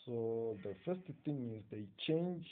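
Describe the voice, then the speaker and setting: A man with a Zimbabwean accent gives an English lesson on punctuation, dictating slowly and often checking with "okay?". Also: mid-range voice, lively intonation. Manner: slow, dictating phrases, frequent "okay?" checks. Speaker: English teacher. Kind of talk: recorded exam-prep lecture. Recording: tinny phone-like audio.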